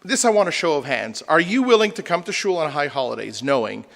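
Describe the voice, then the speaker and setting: Joking rabbi lecturing in a reverberant hall. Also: male voice, a little high, very animated, fairly quick, creaky, a bit bright. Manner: humorous, rhetorical questioning. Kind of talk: lecture to a congregation. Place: synagogue hall.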